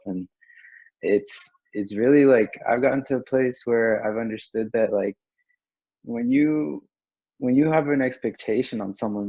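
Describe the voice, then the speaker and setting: A man's voice: lowish voice, a little mellow, slightly rough, dry recording. A young man speaking as a podcast guest in casual group discussion, earnest and rambling with lots of filler words. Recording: dry, dull lo-fi audio.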